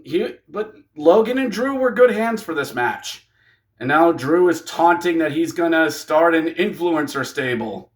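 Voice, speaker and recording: A man giving a casual, jokey wrestling review, getting excitable and acting out what the wrestlers say. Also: a little high.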